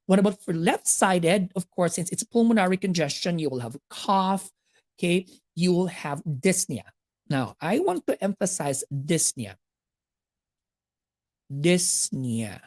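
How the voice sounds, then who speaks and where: A woman's voice: lowish voice, lively intonation, moderate pace, a little mellow. A woman with a Filipino accent giving a nursing exam lecture, mixing English with Tagalog and checking in with "okay?" after each point.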